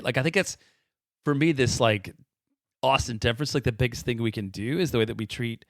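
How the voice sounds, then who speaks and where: A man co-hosting a casual soccer podcast, relaxed and quick to laugh as he reads listener questions. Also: mid-range voice, dry recording, clean studio sound. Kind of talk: casual chat.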